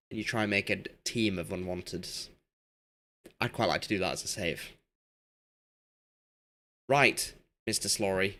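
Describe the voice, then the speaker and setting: Hoarse-voiced male game streamer, rambling. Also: on the low side, a bit bright. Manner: rambling, talks to the game's players as he goes. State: losing his voice. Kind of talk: casual live-stream commentary while playing.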